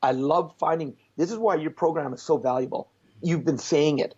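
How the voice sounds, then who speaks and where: Man, animated coach storytelling, husky, lo-fi online call audio. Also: on the high side, moderate pace. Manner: animated, blunt, peppered with mild swearing. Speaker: guest speaker, success coach. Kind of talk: storytelling in a conversational interview.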